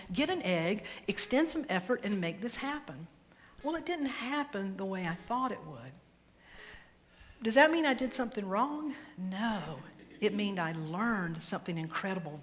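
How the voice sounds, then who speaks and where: A woman minister giving a storytelling sermon in a church, animated and acting out the voices in her stories. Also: medium pitch. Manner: animated, acts out quoted voices with laughter. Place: church sanctuary. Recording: reverberant hall with faint room noise.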